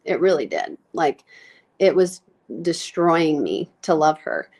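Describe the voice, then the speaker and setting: A woman nurse practitioner speaking candidly in an interview, reflective and halting, with many fillers and restarts, close to tears as she talks. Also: sits low, very animated, a little mellow, husky.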